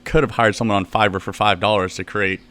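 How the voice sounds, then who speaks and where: A man with a low voice hosts a podcast interview in a casual, chatty manner. He laughs easily and keeps the talk loose as he sets up each question. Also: fairly even intonation, fast, fairly bright tone, clean tone. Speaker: podcast host.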